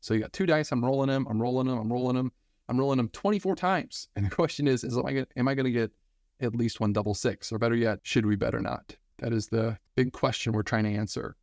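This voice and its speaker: A man's voice: mid-range voice, quick pace, darkish tone, no room sound, studio quality. A man teaching a recorded statistics lesson, talking energetically and repeating phrases for emphasis.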